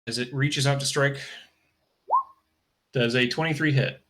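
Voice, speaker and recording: A man running a tabletop game as game master, describing the scene in a relaxed, offhand way. His voice sits at a middle pitch. He fills the narration with easygoing fillers. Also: unhurried. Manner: casual, loose narration with fillers like "kinda" and "uh".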